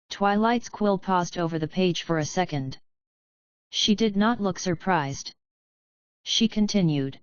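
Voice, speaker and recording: A woman narrating a fanfic audiobook in an even, synthetic-sounding delivery. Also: fairly low pitch, slow, no room sound, highs cut off. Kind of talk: scripted narration.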